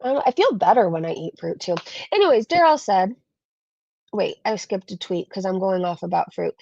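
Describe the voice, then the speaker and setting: A woman's voice: mid-range voice, lively intonation, normal speed, gravelly, a little mellow, no echo, highs cut off. A woman hosting a casual live-stream commentary, chatty and rambling as she reads super chats. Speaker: commentary channel host.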